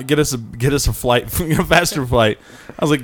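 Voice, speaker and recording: A man's voice: medium pitch, brisk, a bit bright, dry recording. Young male co-host, rambling storyteller, dry close sound. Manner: rambling storyteller, acts out quotes. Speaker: podcast co-host. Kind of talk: casual chat.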